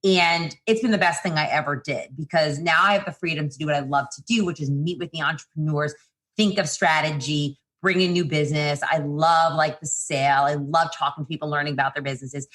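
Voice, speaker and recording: A middle-aged woman with a low, deep voice talks through her working life as a podcast guest. She speaks in a quick, chatty way, full of fillers, restarts and asides. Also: a bit bright. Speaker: PR agency founder, guest. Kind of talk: casual interview talk.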